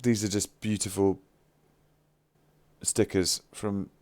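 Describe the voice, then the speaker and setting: A man's voice: fairly low pitch, flat delivery, slow, a little mellow. A man chatting casually on a live stream, effusive and playfully teasing. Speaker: livestreamer.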